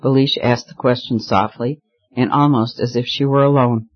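Guy reading an audiobook, steady measured telling, kinda muffled lo-fi sound. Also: mid-range voice. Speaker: audiobook narrator. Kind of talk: scripted narration. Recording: slightly muffled recording.

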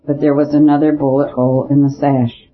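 A man's voice: on the high side, flat delivery, a little fast, breathy edge. A man voicing the priest's blunt, gloomy friend, who explains things in a matter-of-fact way. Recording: dull lo-fi recording with faint hiss.

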